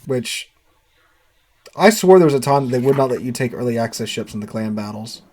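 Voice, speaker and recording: A man with a mid-range voice chats casually on a gaming podcast. He is animated and lively. He often jumps up into high, mocking voices. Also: a little fast. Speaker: podcast co-host.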